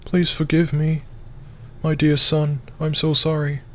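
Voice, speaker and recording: A man's voice: fairly high pitch, completely flat delivery, unhurried, pitched above the performer's own voice, lightly acted. A man voicing a frail, sorrowful mother who speaks weakly and apologetically. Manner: quivering, weak and apologetic.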